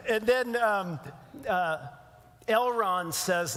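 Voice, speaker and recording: A pastor giving a conversational sermon in a church, with casual fillers and restarts. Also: male voice, high voice, slow, fairly bright tone, long reverb tail. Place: church sanctuary.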